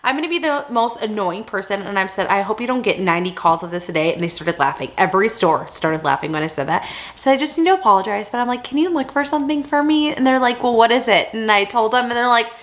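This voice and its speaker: A woman's voice: mid-range voice, animated, fast talker. A woman in her thirties chatting casually in a haul vlog, rambling and giggling as she shows off her finds. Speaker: vlogger showing a haul. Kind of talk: casual chat.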